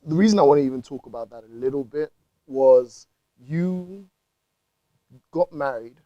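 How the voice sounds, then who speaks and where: A man's voice: a little high, expressive, moderate pace, warm tone, no echo, muffled recording. A man hosting a podcast, asking brief, direct interview questions and giving short affirmations. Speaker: podcast host.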